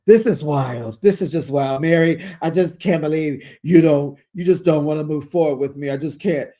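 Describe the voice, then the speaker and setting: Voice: medium pitch, fairly even intonation, moderate pace, pitched above the performer's own voice, lightly acted. A recap host imitating an exasperated woman from a reality-TV reunion who is sick of repeating the same arguments. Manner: swearing and frustrated outburst.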